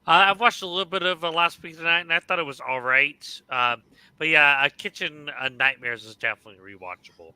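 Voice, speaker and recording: A man's voice: a little high, brisk, sharp tone, clear, resonant tone, dry recording, rough recording. A man on a panel giving a short, hesitant answer with uhs. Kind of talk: casual chat.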